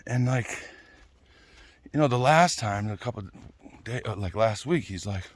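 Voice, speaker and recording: A man's voice: fairly low pitch, lively intonation, a little slow, no echo. A man ranting casually, blunt and swearing, often tagging "right?" and "you know?". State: out of breath at times. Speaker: vlogger.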